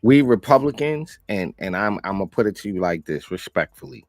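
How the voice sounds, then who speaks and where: A man's voice: lowish voice, animated, brisk, no room sound, studio quality. A man co-hosting a podcast, talking casually with emphatic, slangy exclamations. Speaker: podcast co-host. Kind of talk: casual commentary chat.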